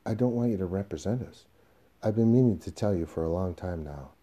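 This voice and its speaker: A man's voice: low-pitched, lively intonation, a little fast, mellow. A man reading the part of an impatient young boss who brushes off an older employee. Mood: dismissive. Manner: curt, dismissive.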